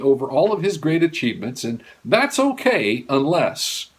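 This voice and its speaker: In a church, a male pastor preaches earnestly, swinging widely between raised, emphatic lines and hushed, low ones.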